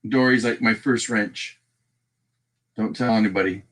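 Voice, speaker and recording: A man's voice: lowish voice, fairly even intonation, unhurried, pauses often. A man with a Texan accent hosting a casual livestream, chatting along and greeting viewers by name as he goes. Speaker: livestream host.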